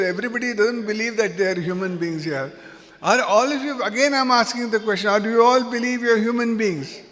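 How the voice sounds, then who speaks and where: A man leading an interactive workshop, quizzing the audience and joking in an animated way. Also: very high voice. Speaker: workshop facilitator. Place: seminar hall. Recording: long hall reverb.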